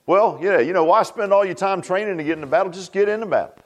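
A male pastor preaching in a folksy, chatty way, his voice sitting a little higher than most men's. He keeps asking the listeners rhetorical questions and repeats himself for emphasis, laughing at his own jokes along the way. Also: fast talker. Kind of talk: sermon.

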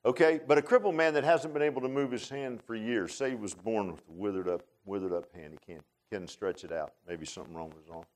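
A male pastor preaching a sermon in an animated, informal way, often repeating words and making joking asides to the congregation. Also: fairly low pitch, quick pace, hardly any pauses.

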